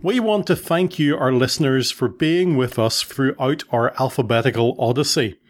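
A man's voice: mid-range voice, moderate pace. A middle-aged man hosting a casual family podcast, rambling, correcting himself and joking as he goes. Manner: rambling, self-correcting, playful. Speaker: podcast host.

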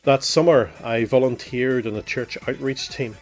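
A middle-aged man from Northern Ireland hosting his own show, reading a scripted personal account in a measured, reflective way. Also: mid-range voice, steady tone, faint music behind. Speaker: podcast host.

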